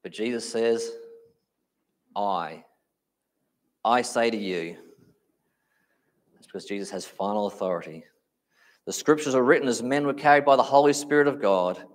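A man preaching a sermon, speaking emphatically and slowing down to stress key phrases. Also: medium pitch.

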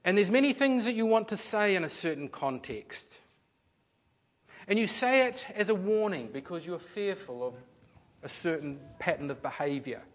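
Earnest man preaching, fairly high voice. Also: expressive, normal speed, highs cut off. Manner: earnest, rises and falls for emphasis, repeats words. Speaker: pastor. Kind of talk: sermon.

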